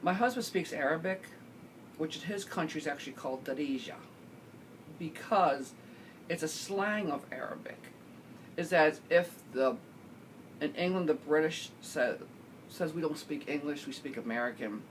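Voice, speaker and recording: A middle-aged woman vlogger chatting casually as she answers viewer questions, rambling with lots of fillers and the odd throat-clear. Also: low voice, lively intonation, a little slow, long pauses, a little hiss or hum. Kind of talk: casual chat.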